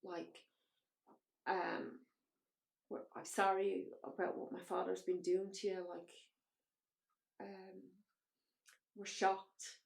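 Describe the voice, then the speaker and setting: A woman's voice: medium pitch, level tone, slow, vocal fry, long pauses, reverberant. An Irish woman, a podcast guest, recounting her own story bluntly and emotionally, with frank swearing. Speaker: interview guest. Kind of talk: personal storytelling in a podcast interview.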